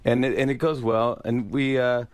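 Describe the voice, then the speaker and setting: A man's voice: mid-range voice, level tone, normal speed, no room sound. A man telling a story as a guest in an interview, giggling often and stammering through restarts. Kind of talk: anecdote in an interview.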